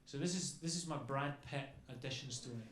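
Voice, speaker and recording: A man's voice: mid-range voice, a little fast, heavy background noise. A man doing a stand-up comedy routine on a club stage into a handheld mic, chatty, adding "okay?" after his lines. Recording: echoey club with faint ambience.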